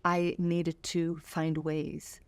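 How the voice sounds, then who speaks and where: A woman's voice: deep voice, little pitch movement, extremely slow, clean tone. A woman in her fifties, a native French speaker, answering in a sit-down interview as a singer, earnest and reflective, repeating phrases for emphasis. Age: 50s.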